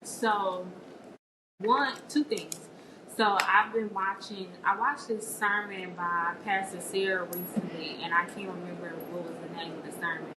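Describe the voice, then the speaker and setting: A woman's voice: fairly low pitch, fairly even intonation, a little slow, distant mic. A woman sharing a candid personal reflection in a chatty way, often saying "you know". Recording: echoey room, off-mic, noisy.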